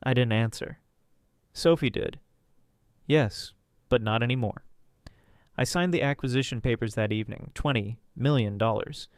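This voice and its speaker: A man's voice: mid-range voice, moderate pace, long pauses, dry recording, clean studio sound. A man narrating a first-person drama story, reading dramatically and jumping into characters' voices.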